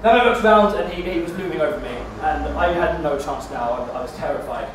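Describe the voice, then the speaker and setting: A man doing a stand-up set, telling a rambling story in a deadpan way with stammered restarts. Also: a little high, fast talker, noisy background. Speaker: stand-up comedian. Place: comedy club stage. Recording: echoey club from far off.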